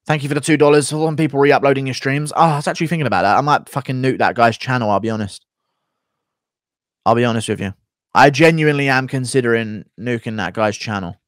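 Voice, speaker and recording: A man's voice: mid-range voice, no echo, studio quality. A man streaming live, chatting casually, thanking donors and joking with crude, profane banter.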